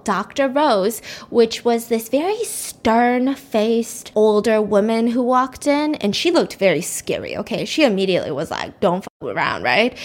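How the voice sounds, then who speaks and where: A young woman host telling a fictional story in a chatty, casual way, with swearing and conversational asides. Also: on the high side.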